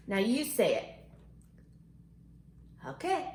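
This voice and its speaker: A woman teaching a phonics lesson to young children, animated and sing-song, stretching words out slowly. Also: a little high, reverberant. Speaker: kindergarten teacher.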